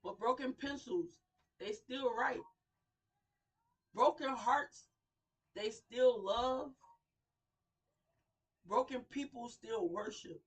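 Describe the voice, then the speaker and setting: Slow, impassioned woman preaching from afar. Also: on the high side, husky, recorded from a distance, rough recording. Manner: emotional, repetitive preaching cadence, swells and drops in volume. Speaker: radio show host. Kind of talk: impassioned sermon-style talk.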